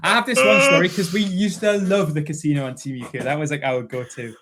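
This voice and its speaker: A man's voice: fairly high pitch, fairly quick, fairly bright tone, a little hiss or hum. A man telling casual, sweary anecdotes on a podcast, often laughing. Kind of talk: casual chat.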